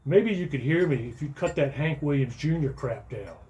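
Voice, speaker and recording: A man acting out his younger self as an exasperated father yelling and scolding at home. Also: fairly high pitch, expressive, normal speed, natural voice. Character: exasperated shouting father, middle-aged man.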